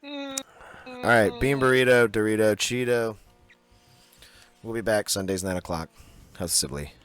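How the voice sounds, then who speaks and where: A man co-hosting a podcast over a video call, chatting casually and laughing a lot while retelling scenes in quick voices. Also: on the low side, big pitch swings, a bit bright, faint music behind. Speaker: podcast co-host. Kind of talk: casual chat.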